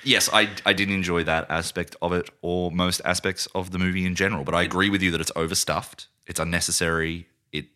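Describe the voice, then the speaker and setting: A man in a casual podcast chat who reviews a film critically and acts out scenes in quick put-on voices. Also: deep voice, fairly even intonation, pushed and bright. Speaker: podcast co-host.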